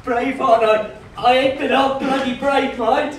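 A man plays a timid little boy, pitched high above a grown man's usual range, who whines and pleads and yells when he is teased. The voice comes from far across a very echoey stage, with faint hiss behind it. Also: fairly even intonation, a little slow. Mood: play-acting. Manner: whiny, pleading, shouting. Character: timid bullied young boy. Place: theatre stage.

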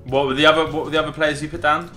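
A man commentating a football video game match with a friend, excitable and laughing, shouting when goals go in. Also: a little high, rapid-fire. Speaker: gaming YouTuber. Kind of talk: excitable casual gaming banter. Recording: roomy echo with game music behind.

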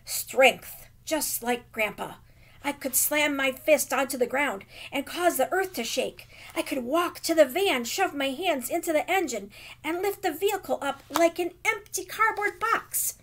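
A woman teacher reading a children's novel aloud with expressive, dramatic emphasis. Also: sits high.

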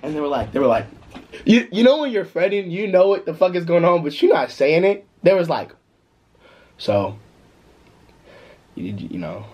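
A young man telling a story casually in a vlog, animated and slangy, breaking into laughter. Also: sits high, a little fast, muffled recording. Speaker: vlogger.

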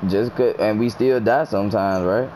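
A young man chatting casually while gaming with friends, excitable, swearing, often shouting and laughing into a headset mic. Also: lowish voice, moderate pace, a little hiss or hum. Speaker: gamer streamer.

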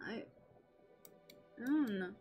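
A young woman chatting while streaming a game, excitable and rambling, swearing freely and giggling between thoughts. Her voice sits somewhat high, with faint music playing underneath. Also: slow.

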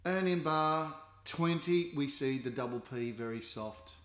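A man's voice: on the high side, a little slow, fairly bright tone. A middle-aged Australian man, a guitar teacher, explaining a lesson patiently with many fillers and restarts. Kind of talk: instructional explanation. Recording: roomy echo with guitar nearby.

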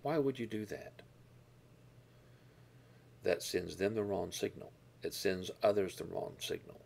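A man teaching a Bible lesson, explaining verses and Greek words with deliberate emphasis on key words. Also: deep voice, gravelly, a little mellow.

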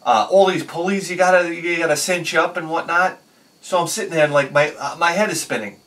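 A man telling a personal story on his video channel, excitable, swinging between loud bursts and quiet asides. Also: fairly high pitch, brisk, recorded from a distance. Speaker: video host.

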